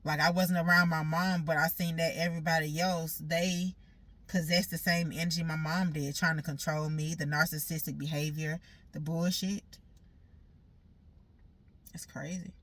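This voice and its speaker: A woman talks through a raw personal monologue in a bright, forceful voice. She is blunt and profane, circling back to repeat her points, and sounds hurt. The sound is close and dry. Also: sits low, flat delivery, moderate pace, dry recording.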